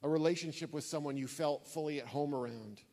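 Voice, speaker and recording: A man with a fairly high voice preaches earnestly to a church gathering, building his points through stories and emphatic repetition. His words ring out with the long reverb of a large hall. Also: fairly quick, warm tone. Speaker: speaker at a church talk. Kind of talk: sermon-style talk with audience questions. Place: church hall before an audience.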